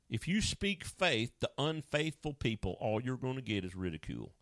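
Animated preacher man, dry close sound. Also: vocal fry, dry recording. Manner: animated, acts out Bible scenes with sudden high wailing voices. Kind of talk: sermon.

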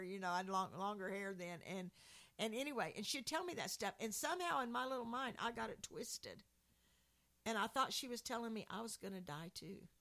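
A woman's voice: medium pitch, fairly bright tone. A woman giving an earnest, heartfelt personal testimony and reading scripture aloud to viewers of a Christian program.

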